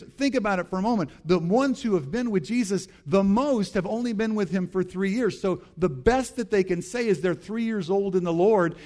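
A man's voice: sits high, lively intonation, moderate pace, darkish tone. A male pastor preaching a sermon, repeating key phrases and calling on the congregation to respond.

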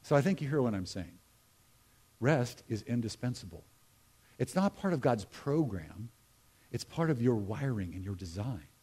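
A man's voice: mid-range voice, very animated, normal speed, mellow, slightly rough. American man preaching a conversational sermon. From United States. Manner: conversational, humorous preaching with asides to the congregation. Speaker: pastor. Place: church sanctuary.

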